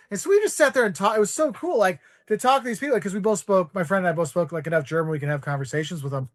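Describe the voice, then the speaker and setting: High-voiced man telling animated travel stories. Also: racing, few pauses, no echo, clean studio sound. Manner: rambling, animated, acts out voices in quotes. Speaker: podcast guest, travel video creator. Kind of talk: casual storytelling.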